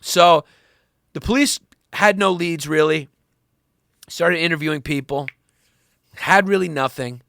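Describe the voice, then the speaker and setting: A man hosting a comedy history podcast, rambling and profane, swinging up and down in pitch as he talks. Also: a little slow, pauses often, sharp tone, no room sound, studio quality. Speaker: podcast host.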